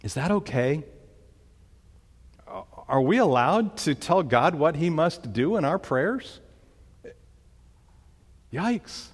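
A man's voice: on the high side, animated, slow pace, long pauses, breathy edge, long reverb tail. A man preaching a sermon, emphatic, with dramatic rises when he quotes commands. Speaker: pastor.

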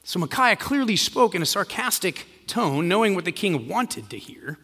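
A man's voice: high-pitched, sing-song, moderate pace, pushed and bright, husky. A man preaching a sermon, telling a story and acting out the quoted lines in a casual voice. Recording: long hall reverb.

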